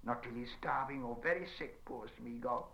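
A man's voice: normal speed, sharp tone. A man voicing a wretched, cringing creature who hisses and whines, calling himself by name, on a dull lo-fi recording. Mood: sulky. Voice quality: hissing, shrill whine. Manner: talks of himself in third person, whining.

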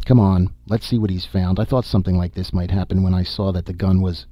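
A man's voice: low voice, steady tone, fast, warm tone, dry recording, clean studio sound. A man voicing a grim, commanding expedition leader. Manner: firm, commanding delivery. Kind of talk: audiobook character reading.

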